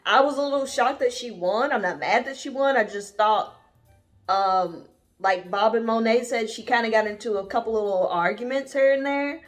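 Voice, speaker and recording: Woman vlogger, kinda high voice, sassy, lots of honey and darling, rambly. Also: normal speed, soft background music. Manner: rambling, with many fillers and trailing asides. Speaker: vlogger reviewing a TV show. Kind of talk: casual chatty review.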